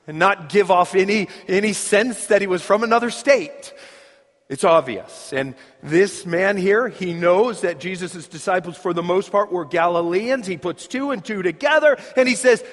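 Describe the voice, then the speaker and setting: A male pastor preaching a sermon to his congregation, telling the story dramatically and moving between loud emphasis and near-hushed asides. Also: high-pitched. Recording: reverberant hall.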